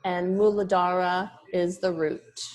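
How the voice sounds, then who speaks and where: A woman's voice: lowish voice, fairly even intonation, measured pace, darkish tone. A woman yoga teacher giving an online lesson, explaining terms patiently with small restarts.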